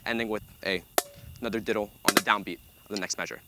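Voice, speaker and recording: Young man explaining drum parts, low voice. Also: steady tone, quick pace, over music. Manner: methodical, step-by-step, with frequent ums. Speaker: center snare drummer. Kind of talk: instructional walkthrough. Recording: loud background noise.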